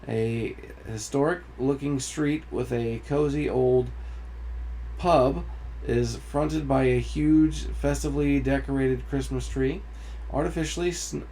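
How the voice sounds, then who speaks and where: A man reads a puzzle game's story aloud to his viewers at a measured pace, now and then tripping over a word and correcting himself. His voice has a gravelly edge at a middle pitch. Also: mellow, a little hiss or hum. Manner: slow, deliberate reading with small slips. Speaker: game streamer. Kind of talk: reading game story aloud.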